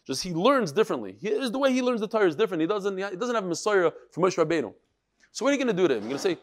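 Male Talmud teacher, high and very animated voice, acts out the quotes in his lesson. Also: very fast. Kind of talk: Talmud class lecture.

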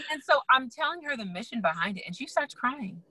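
Woman guest, bright clear voice, dry close sound, expressive storyteller. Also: a little high, moderate pace, no room sound, rough recording. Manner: expressive, acts out quoted voices, laughs often. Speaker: guest, magazine founder. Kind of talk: animated storytelling in casual chat.

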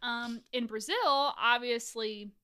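A woman's voice: fairly high pitch, slow pace, pushed and bright. A woman co-hosting a casual podcast, reading out facts and laughing and swearing freely. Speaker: podcast co-host. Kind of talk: casual chat.

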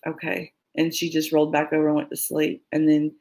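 A woman sharing her own story in an interview, candid and halting, with many fillers and quoted dialogue. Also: deep voice, monotone, mellow, rough recording. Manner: often quotes others in dialogue. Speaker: interview guest. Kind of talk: personal story in conversation.

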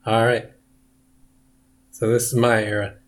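A man's voice: mid-range voice, flat delivery, a little slow. A man co-hosting a comedy podcast in casual chat, leading the bits and quizzing his co-host.

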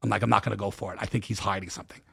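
Gravelly man telling a profane story. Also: fairly low pitch, racing. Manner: profane, animated, acts out quoted dialogue. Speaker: podcast guest. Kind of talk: casual storytelling.

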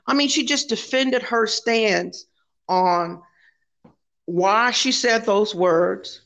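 Animated woman telling a story. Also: on the high side, slow pace. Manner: animated, keeps repeating "I said". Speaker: caller telling a workplace story. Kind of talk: casual storytelling.

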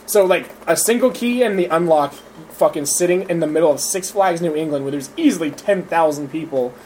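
High-voiced young man telling a story. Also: fairly quick, darkish tone, slight background noise. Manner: profane, laughing storyteller. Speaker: storyteller among friends. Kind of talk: casual chat.

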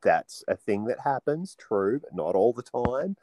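An animated man co-hosting a podcast, telling a story in loose casual chat with plenty of swearing. His pitch swings widely up and down. His tone stays dark and mellow. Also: unhurried, a little hiss or hum. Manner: animated, swearing, mocks others in put-on voices. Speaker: podcast co-host.

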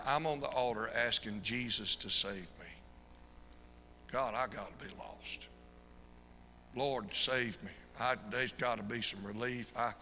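A man preaching a fervent sermon as an evangelist, swinging from shouted peaks to quiet storytelling. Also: medium pitch, creaky. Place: church sanctuary. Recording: reverberant church hall with faint noise.

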